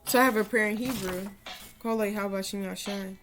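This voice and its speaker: A woman's voice: medium pitch, steady tone, fairly quick, fairly bright tone, slight background noise. Earnest rambling woman giving devotional advice. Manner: earnest, rambling, full of "you know" asides. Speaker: religious vlogger giving advice to women. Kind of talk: casual devotional talk with a spoken prayer.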